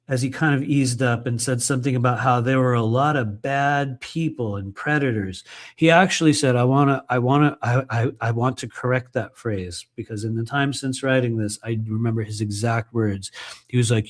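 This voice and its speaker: A man's voice: medium pitch, moderate pace. A man reading aloud from his own book and breaking off into loose, conversational asides, swearing freely. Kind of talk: live book reading with casual commentary.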